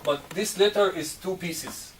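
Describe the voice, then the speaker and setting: Male teacher, slow and patient, heard from a distance over faint background hum. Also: high voice, fairly bright tone. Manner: slow and patient, checking understanding with "okay?" and "right?". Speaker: Arabic teacher. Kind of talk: classroom lesson on Arabic letters. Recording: distant mic, faint room noise.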